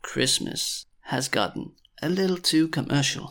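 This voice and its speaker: A man with a gravelly, creaky voice runs a language lesson. He repeats each phrase slowly and carefully, sounding out every word. Between drills he explains things in a loose, casual way. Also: a little high, fairly bright tone. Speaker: language teacher.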